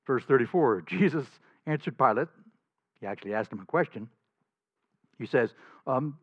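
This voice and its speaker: A male pastor preaches with strong emphasis and a voice that swings widely in pitch. His tone sits mid-range for a man. The recording is dry and slightly dull. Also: moderate pace, long pauses, dry recording. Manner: animated, emphatic, chuckles often. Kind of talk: sermon.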